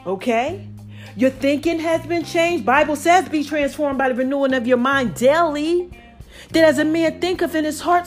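A woman vlogger giving casual motivational advice to her viewers, playful and laughing, calling them "baby" and "y'all". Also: high voice.

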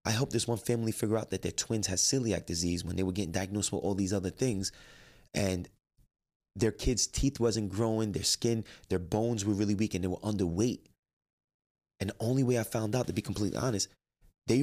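Deep gravelly man telling a story. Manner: animated, quotes himself and others in dialogue. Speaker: life coach and trainer. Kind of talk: personal storytelling.

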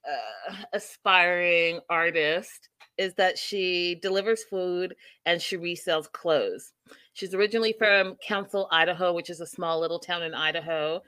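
A woman co-hosting a podcast, chatting casually and telling lively stories with asides to the live chat. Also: fairly low pitch, clean tone, dry recording. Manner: animated storytelling, quick asides to live chat. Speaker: podcast co-host.

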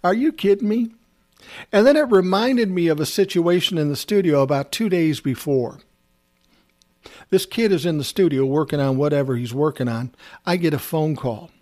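Animated, foul-mouthed man telling a story. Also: on the high side, moderate pace. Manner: animated, acts out dialogue, swears freely. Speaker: music producer telling an anecdote. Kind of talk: casual spoken storytelling.

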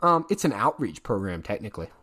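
A man's voice: lowish voice, very animated, fast, bright, forceful tone, husky. A man co-hosting a podcast in casual chat, enthusiastic and rambling, laughing often between thoughts. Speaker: podcast co-host.

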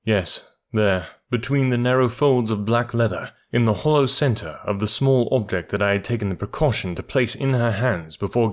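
A man reading a first-person story aloud in a measured, even narration. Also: fairly low pitch. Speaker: audiobook reader.

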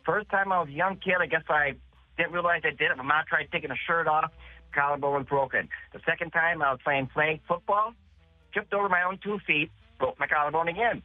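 A man's voice: fairly high pitch, fairly quick, no room sound, soft background music. A male caller telling a story, polite and matter-of-fact. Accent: unusual for the region. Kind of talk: phone-in story. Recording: tinny phone line.

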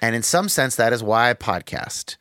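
A man's voice: mid-range voice, expressive, moderate pace, sharp tone, no room sound, clean studio sound. A man hosting a podcast, talking candidly and reflectively, thinking aloud with restarts and the odd swear word. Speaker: podcast host.

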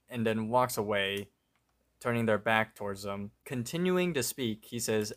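A man's voice: mid-range voice, moderate pace. A man co-hosting a podcast, casually retelling a cartoon episode with wry asides. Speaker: podcast co-host.

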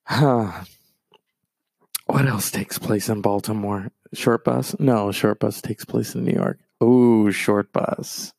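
A man chats loosely about films on his stream, wandering off on tangents, swearing freely and correcting himself mid-sentence. His voice has a gravelly, fry-heavy edge. The sound is dry and close, with no room echo. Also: on the low side, slow pace, a little mellow. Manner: rambling, profane, self-interrupting movie talk. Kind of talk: casual chat.

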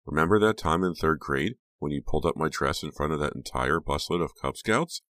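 A man's voice: rumbling low, a little fast, fairly bright tone, no echo. A man voicing a clingy, pouty teenage girl with a creepy streak in an audiobook reading. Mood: insistent.

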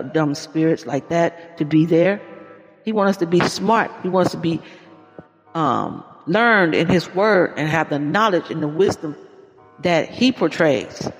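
A man preaching an informal podcast sermon in a folksy, exclaiming way, often calling out praise. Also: a little high. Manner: folksy, exclaims "Lord have mercy" and "Hallelujah". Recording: long reverb with faint music.

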